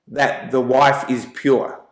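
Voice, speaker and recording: A man's voice: medium pitch, level tone, slow, pitched below the performer's own voice, lightly acted. Man telling it as a patient Aussie mum. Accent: Australian. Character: calm patient Aussie mother. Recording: roomy echo.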